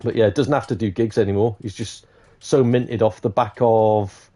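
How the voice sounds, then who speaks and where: A man's voice: lowish voice, fairly even intonation, moderate pace, mellow. A man hosting a live stream, chatting casually and rambling, swearing freely. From Shropshire, England. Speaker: livestream host.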